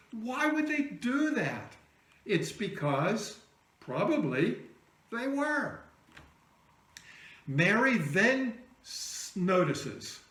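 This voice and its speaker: A man preaching an Easter sermon in a high voice at an unhurried, measured pace. He tells the story dramatically and sinks to a hushed tone for quoted words. The sound echoes around a large room. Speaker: pastor.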